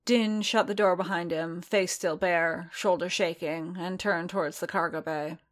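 A woman reading fiction aloud in an even, measured narration. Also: fairly low pitch. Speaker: reader.

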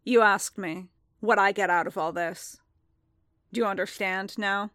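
A woman reading the part of a stern adult male bounty hunter, speaking in a low, controlled and deliberate way. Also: steady tone, bright, forceful tone, no echo, clean studio sound.

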